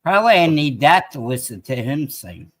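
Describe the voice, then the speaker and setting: Rich: A man with a gravelly, raspy voice trades dry one-liners as a co-host of a casual stream. The sound is close and dry. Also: on the high side, very animated, normal speed, fairly bright tone, no echo. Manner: dry, short replies. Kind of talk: casual live-stream banter.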